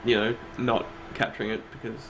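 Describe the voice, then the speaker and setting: A man's voice: on the low side, flat delivery, fairly quick, fairly bright tone, a little hiss or hum, low-quality recording. A laid-back man co-hosting an online awards stream, laughing often and reading out lists of nominees in casual chat. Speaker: stream co-host presenting awards.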